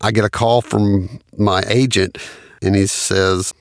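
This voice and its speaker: Gravelly man telling studio stories. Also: fairly low pitch, steady tone, slow, dry recording. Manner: anecdotal, laughs often while recounting. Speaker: studio engineer and producer. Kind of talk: storytelling in an interview.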